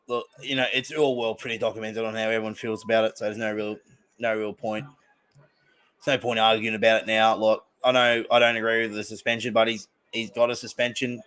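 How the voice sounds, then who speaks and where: A young Australian man hosts a live stream watch-along, talking a little fast in a lowish, clear, resonant voice with a fairly bright tone and little pitch movement. His casual commentary reacts to plays and wanders between subjects.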